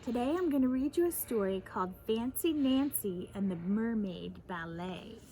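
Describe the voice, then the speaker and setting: Animated woman reading a picture book aloud. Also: on the high side, normal speed, slight background noise, low-quality recording. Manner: animated, explains fancy words to children.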